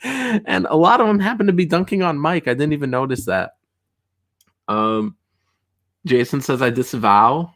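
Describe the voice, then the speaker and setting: A young man hosting a casual livestream, reading chat messages aloud, laughing often and getting loud and worked up when he tells a story. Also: fairly high pitch, normal speed, pauses often. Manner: chatty, excitable, laughs often, rising to shouts when riled. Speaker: streamer host reading chat.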